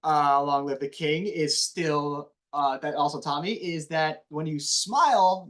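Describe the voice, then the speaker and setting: A fairly high-voiced man who anchors TV news visits a class to give an informal lesson. He speaks rapidly and with energy, though a little mumbled.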